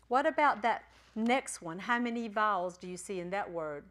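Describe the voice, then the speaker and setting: A woman teaching a church class, patiently spelling out letters and sounding out syllables slowly. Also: mid-range voice, lively intonation, a bit bright. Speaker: Bible Greek teacher.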